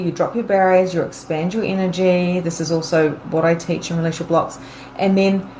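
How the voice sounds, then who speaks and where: A woman's voice: mid-range voice, a little mellow. A woman hosting a podcast as a medium and coach, talking casually and acting out worried inner voices. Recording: roomy with faint background noise.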